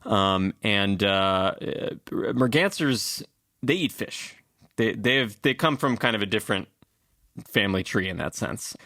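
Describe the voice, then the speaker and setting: A man's voice: lowish voice, lively intonation, a little slow, sharp tone, dry recording, studio quality. A man co-hosting a casual podcast, explaining bird facts in a chatty way with lots of fillers. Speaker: podcast co-host. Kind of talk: casual chat.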